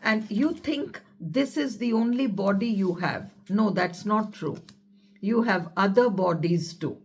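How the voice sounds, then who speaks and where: A woman's voice: mid-range voice, animated, a little slow, breathy edge. A woman, working as an astrologer, gives an earnest spiritual talk and then leads a guided affirmation chant, repeating phrases for listeners to echo.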